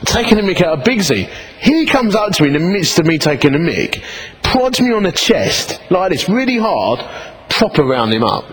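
A middle-aged man with an Essex accent giving a humorous personal testimony to an audience, telling it as lively comic storytelling and acting out both sides of the dialogue. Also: high-pitched, moderate pace, husky, low-quality recording. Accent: Essex English. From England. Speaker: speaker giving his testimony.

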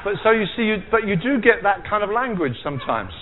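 Preacher guy, kinda high voice, lively and jokey, sounds like it's over a phone. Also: a little fast, narrow, tinny audio, a little hiss or hum. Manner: animated, jokey, acts out quotes. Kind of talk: sermon.

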